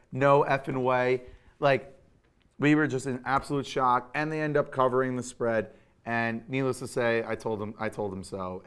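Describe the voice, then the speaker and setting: A young adult man hosting a sports show, giving an animated, opinionated recap with hot takes. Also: medium pitch, clear, resonant tone.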